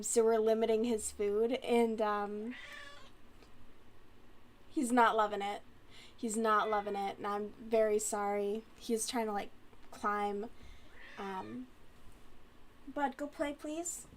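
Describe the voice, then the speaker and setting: A woman's voice: fairly high pitch, level tone, a little slow, pauses often. A woman hosting a crochet livestream, chatting casually and rambling as she reads comments aloud, often giggling.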